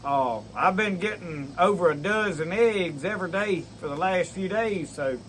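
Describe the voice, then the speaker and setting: Hosting a casual outdoors vlog in a dry yard, a man with a high, slightly bright voice speaks at a moderate pace. He rambles folksily and addresses his viewers directly, with a little hiss or hum in the audio.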